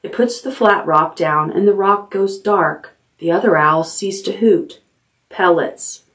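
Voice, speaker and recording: A woman librarian reading a chapter book aloud at bedtime, unhurried and expressive. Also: fairly low pitch, far from the mic.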